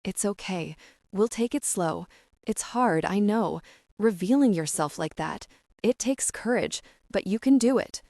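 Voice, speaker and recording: A woman voicing a calm, possessive wealthy man, speaking softly. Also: medium pitch, a little slow, no room sound, clean studio sound. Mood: soothing.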